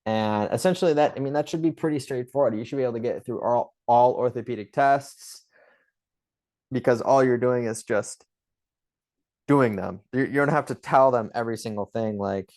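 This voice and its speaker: A man teaching a few Spanish phrases for patient exams, in a loose, chatty way, slowing down to say each phrase carefully. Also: mid-range voice, darkish tone. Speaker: chiropractor teaching clinic Spanish. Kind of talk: casual instructional talk.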